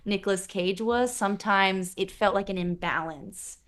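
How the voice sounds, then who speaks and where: A woman's voice: medium pitch, moderate pace, fairly bright tone. A woman co-hosting a casual film discussion, chatty and acting out quotes as she talks. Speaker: podcast co-host.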